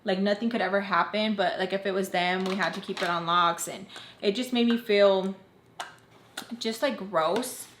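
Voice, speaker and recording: A woman's voice: mid-range voice, fairly even intonation, moderate pace, a bit bright, slight background noise. A young woman telling a personal story to her viewers in a casual, chatty way, using "like" constantly. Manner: chatty, heavy use of "like", addresses viewers as "you guys". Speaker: storytime vlogger. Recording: roomy echo.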